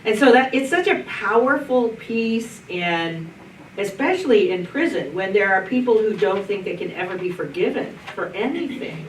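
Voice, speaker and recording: A woman's voice: mid-range voice, lively intonation, moderate pace. A middle-aged woman pastor leading a group Bible study, telling stories in a folksy, anecdotal way with frequent restarts. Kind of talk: storytelling in a group discussion. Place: church meeting room. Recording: roomy, distant mic, faint noise.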